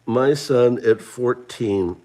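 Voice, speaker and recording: A man's voice: mid-range voice, slow pace, mellow. Chatty middle-aged man hosting a livestream. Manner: chatty, rambling, addresses viewers by name. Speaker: livestream host. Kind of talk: casual livestream chat running trivia.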